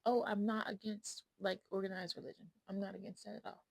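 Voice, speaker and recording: A woman's voice: mid-range voice, flat delivery, brisk, vocal fry, a little mellow, slightly rough, dry recording, poor audio. A woman vlogging in a casual, rambling chat to her viewers. She talks bluntly and often drops to a whisper.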